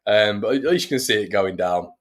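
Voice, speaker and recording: A man's voice: lowish voice, lively intonation, fairly quick. A man hosting a live fan watch-along, giving casual play-by-play and chatting to viewers between the action. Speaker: fan channel host.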